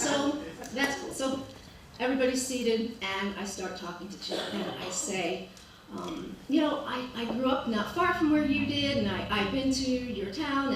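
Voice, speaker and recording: A woman telling a personal story to a live audience, wry and self-mocking, acting out what people said. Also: fairly high pitch. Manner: wry, self-mocking, lively quoted asides. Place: art gallery event space. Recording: very echoey room, distant mic, noise.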